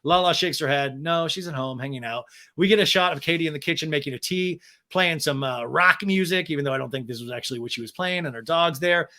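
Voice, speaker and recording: A man's voice: fairly high pitch, fast, hardly any pauses, bright, forceful tone. A man hosting a podcast, giving a comedic recap with sarcastic asides. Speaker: podcast host. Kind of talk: comedic recap of a reality show.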